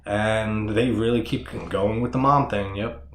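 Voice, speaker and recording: A man's voice: on the low side, steady tone, a little slow, slight background noise. Rambling, profane man in an echoey room. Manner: rambling, profane, laughs often. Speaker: horror movie reviewer. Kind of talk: casual solo movie discussion.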